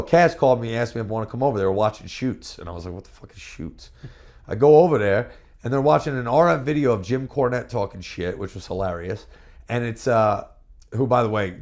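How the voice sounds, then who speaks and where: A former pro wrestler being interviewed, talking in a brash, profane and boastful way and telling animated stories with bursts of repeated words. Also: male voice, mid-range voice. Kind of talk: candid shoot interview.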